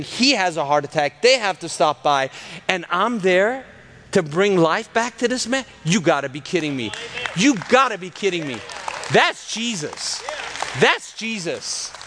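A man in his thirties, a cardiologist and guest speaker at a church, telling an excitable testimony sermon, acting out dialogue and laughing mid-sentence. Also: high voice, slight background noise.

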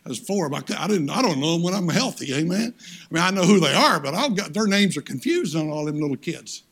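An older man preaching in a fairly high, gravelly voice. He drives his points home by repeating phrases and calling out to the congregation for a response. His delivery is emphatic and earnest. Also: big pitch swings, quick pace, a bit bright. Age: 60s. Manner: emphatic, repeats phrases for stress, calls on the audience. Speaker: guest preacher. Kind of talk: sermon.

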